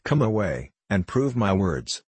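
A man's voice: on the low side, very animated, measured pace, a little mellow, breathy edge, no echo, heavily acted. Man reading as Christian, a troubled pilgrim. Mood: resolute. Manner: solemn, pleading old-fashioned speech. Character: troubled earnest male pilgrim, grown man. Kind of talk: storybook reading.

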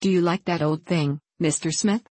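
A woman reading the part of an eager, gentle young woman. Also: fairly low pitch, fairly even intonation, normal speed, no room sound, close to an everyday voice.

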